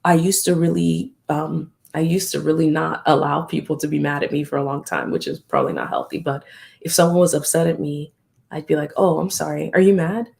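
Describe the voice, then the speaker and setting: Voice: medium pitch, lively intonation, brisk, gravelly, darkish tone. A host talking candidly and reflectively in a casual live stream, often acting out remembered exchanges.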